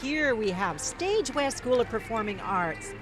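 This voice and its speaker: A woman giving lively live commentary at an outdoor street parade, exclaiming at what passes by. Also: on the high side, unhurried, crowd noise. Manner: enthusiastic, exclaiming. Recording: music playing behind.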